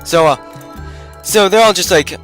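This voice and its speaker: Fairly high male voice, rambling gameplay commentator, filler-heavy storytelling, faint music under it. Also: measured pace, fairly bright tone. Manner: breaks off to narrate his own play.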